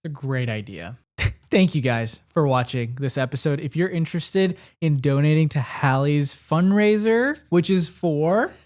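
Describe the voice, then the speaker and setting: Man, podcast co-host, casual chat, relaxed, reflective, soft asides. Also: on the high side, a little slow.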